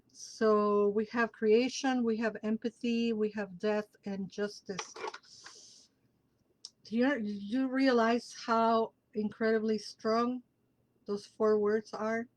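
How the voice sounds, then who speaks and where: Slow, emphatic woman tarot host. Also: on the high side, slight background noise, rough recording. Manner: emphatic, repeats key words for stress; emotional, laughs between lines. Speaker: tarot reader and show host. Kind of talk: casual live tarot reading.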